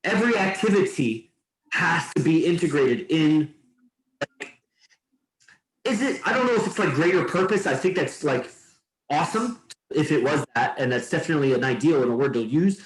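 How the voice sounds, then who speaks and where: A man's voice: fairly high pitch, expressive, normal speed. Rambling man in a roomy room. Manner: loose, meandering, swears freely. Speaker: podcast host. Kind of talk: casual rambling chat. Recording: roomy echo.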